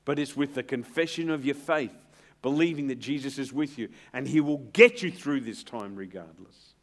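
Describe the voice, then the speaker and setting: A man's voice: medium pitch, moderate pace. Earnest male pastor preaching. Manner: earnest, emphatic, drops to a hushed tone for reassurance. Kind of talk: sermon.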